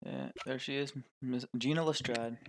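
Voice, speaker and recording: A man's voice: medium pitch, fairly even intonation, moderate pace, background noise. A man chatting casually over a game he is playing, with offhand jokes. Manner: offhand, joking asides. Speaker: let's player.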